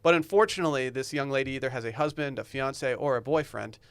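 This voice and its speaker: A young man chats on a podcast at a rapid clip, rambling through jokey stories. His voice sits at an ordinary pitch. The sound is dry and close. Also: smooth, no room sound. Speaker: podcast co-host. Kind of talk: casual chat.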